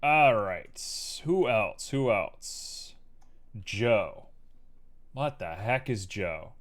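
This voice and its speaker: A man's voice: lowish voice, lively intonation, extremely slow, a bit bright. A man casually chatting on a live stream while he works, playful and talking to himself and his chat. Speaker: livestreamer and 3D artist.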